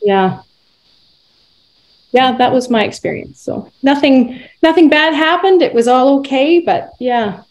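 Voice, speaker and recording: A woman's voice: high voice, measured pace, low-quality recording. A woman with a Canadian accent, a senior karate instructor, telling a story as a guest in a casual podcast conversation. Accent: Canadian English. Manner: lively storytelling.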